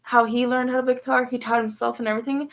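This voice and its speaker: A woman's voice: a little high, little pitch movement, fast talker. A woman vlogger telling a personal story in a rambling way, full of fillers and restarts. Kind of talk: casual storytelling vlog.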